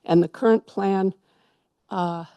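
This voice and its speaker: A woman's voice: mid-range voice, steady tone, slow pace, warm tone, smooth, no room sound, lo-fi sound. A woman giving public comment at a town council meeting, passionate and rambling, in a council chamber.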